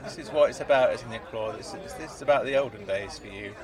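A young man hosting a comedy podcast, narrating and chatting in a dry, low-key, exasperated way. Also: fast talker, crowd noise. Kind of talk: deadpan comedy narration and sketch.

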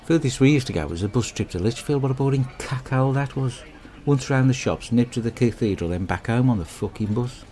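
A man delivers a crude, deadpan and rambling comic monologue. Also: mid-range voice, fairly quick, hardly any pauses.

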